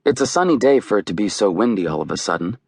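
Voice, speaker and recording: Low-voiced man narrating an audiobook. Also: animated, fast talker, gravelly, slightly rough, dry recording, clean studio sound. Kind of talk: scripted narration.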